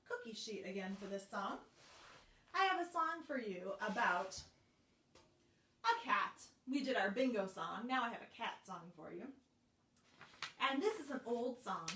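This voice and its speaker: A woman leading a children's storytime, reading picture books to young children with an animated, exaggerated, encouraging delivery. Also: on the high side, distant mic. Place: library room, streamed live. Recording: roomy sound, voice set back from the mic.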